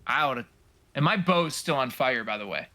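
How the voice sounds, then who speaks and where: A man's voice: mid-range voice, animated, fairly quick, bright, forceful tone. A man playing a tabletop game in a casual, easygoing way, laughing often. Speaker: player.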